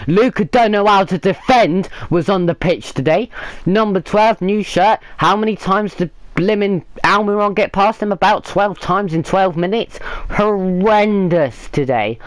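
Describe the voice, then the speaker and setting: A man's voice: sits high, dry recording. A man giving an exasperated, theatrical comic rant as a football fan reacting to a match. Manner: exasperated, theatrical ranting with lots of repetition.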